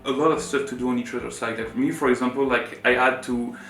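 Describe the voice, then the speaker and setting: A man from France, telling a personal story as co-host in a rambling, animated, filler-heavy way. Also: medium pitch, fast talker. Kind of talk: casual storytelling chat. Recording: roomy room with faint guitar music.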